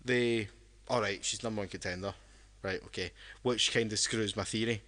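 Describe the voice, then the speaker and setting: A man's voice: on the low side, fairly even intonation, moderate pace, pushed and bright. Drunk man rambling on a podcast. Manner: rambling, with many restarts. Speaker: podcast co-host. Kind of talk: casual podcast chat.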